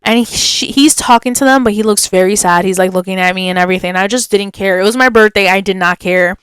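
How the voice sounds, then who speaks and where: Young woman podcast host, smooth higher voice, chatty storytelling w lots of "like", dry close sound. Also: fast talker, no room sound. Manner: animated, chatty, laughs often, many "like" fillers. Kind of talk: casual storytelling.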